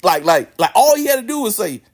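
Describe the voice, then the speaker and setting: A man whose voice sits high talks fairly quickly through a slangy, casual story, cursing freely and staying highly animated and expressive throughout.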